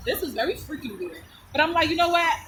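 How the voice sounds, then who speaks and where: This storyteller vlogger talks fast in a high-pitched voice on a low-quality recording with a slight hiss or hum. She's profane, blunt, and chatty as she relates a personal story, laughing frequently throughout her animated retelling.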